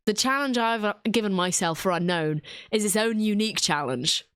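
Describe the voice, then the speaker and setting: A woman's voice: medium pitch, lively intonation, normal speed, a bit bright, smooth, no room sound, studio quality. A young British woman at home giving casual, self-mocking commentary while she draws, thinking aloud and giggling. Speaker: drawing video creator.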